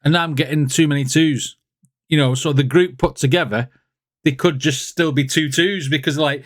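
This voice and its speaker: A man's voice: fairly high pitch, a little fast. A man hosting a music reaction video, chatting casually and rambling with frequent laughs.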